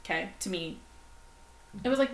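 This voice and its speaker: A woman co-hosting a casual chat podcast, telling stories with lively quoted voices. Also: medium pitch, normal speed. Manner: animated storyteller, acts out quoted voices. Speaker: podcast co-host. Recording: echoey room, faint ambient noise.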